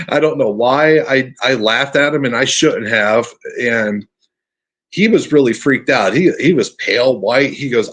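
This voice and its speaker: A man telling his encounter story as a podcast guest, earnest and halting, often restarting his sentences. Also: medium pitch, a bit bright. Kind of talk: casual storytelling.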